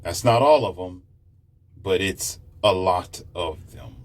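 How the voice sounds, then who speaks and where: A man's voice: low-pitched, slow pace. A man delivering a preachy opinion monologue to his listeners. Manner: lecturing, preachy, addresses listeners. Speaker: commentator.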